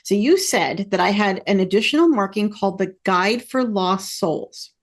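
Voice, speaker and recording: A woman hosting a podcast interview, chatting in an excited, effusive and rambling way. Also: mid-range voice, normal speed. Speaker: podcast host. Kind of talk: casual interview chat.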